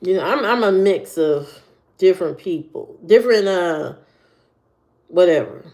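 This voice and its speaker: Slow, rambling livestream woman. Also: on the low side, expressive, darkish tone. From Indiana. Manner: rambling, repeats phrases and restarts lines. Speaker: livestream host. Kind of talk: casual livestream chat, answering viewers.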